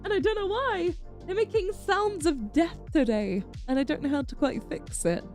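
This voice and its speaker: A woman's voice: very high-pitched, moderate pace, darkish tone, faint music behind. A woman streamer chatting casually with her viewers, affectionate and giggly, calling them darling. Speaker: VTuber streamer. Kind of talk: casual live-stream chat.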